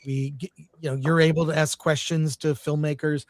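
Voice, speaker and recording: A man hosting a casual film-talk panel, speaking in an animated, enthusiastic way. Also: on the high side, normal speed, no room sound. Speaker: show host.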